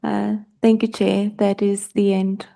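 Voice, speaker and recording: A woman leading evidence at a hearing, asking questions in a soft, polite and formal way. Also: mid-range voice, flat delivery, unhurried, vocal fry. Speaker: evidence leader.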